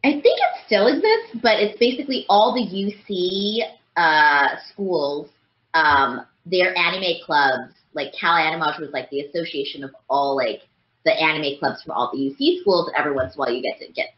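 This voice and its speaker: Chatty woman guest, low-ish voice, roomy. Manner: rambling, many "like" fillers. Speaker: voice actress guest. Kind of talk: casual interview chat. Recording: roomy, dull lo-fi sound.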